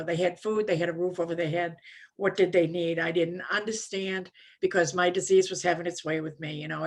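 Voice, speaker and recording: A woman in her seventies from Maine telling her recovery story at a conference, rambling and self-mocking, with frequent "you know"s. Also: on the low side. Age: 70s. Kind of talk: personal recovery story talk.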